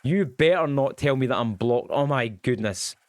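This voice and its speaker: A young man chatting casually while streaming a game, goofy and quick, with lots of ums. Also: medium pitch, lively intonation, dry recording. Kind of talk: casual livestream chat while gaming.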